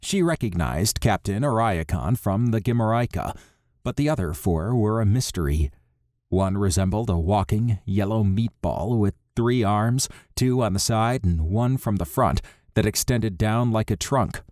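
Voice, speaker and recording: A man reading an audiobook in an even, measured narration. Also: lowish voice, no room sound, clean studio sound. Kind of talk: scripted narration.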